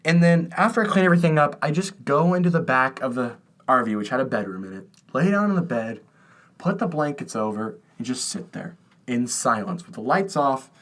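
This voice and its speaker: A man's voice: mid-range voice, animated, brisk, fairly bright tone. A young man co-hosting a podcast, telling a rambling, self-mocking story in casual chat. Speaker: podcast co-host.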